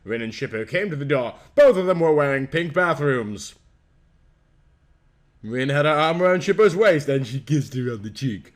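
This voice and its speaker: A man's voice: mid-range voice, lively intonation, moderate pace. A young man, a podcast host, giving a tired, mock-dramatic comic reading of fan fiction.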